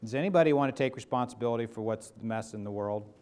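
A man's voice: medium pitch, quick pace, a little mellow. A man preaching a casual sermon, joking and putting questions to the congregation. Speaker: pastor. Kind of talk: conversational sermon.

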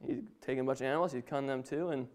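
Talking rapid-fire at medium pitch, a young man offers his family an informal sermon on the Bible. His tone is a little mellow, and his slight nerves show through chuckles and offhand asides.

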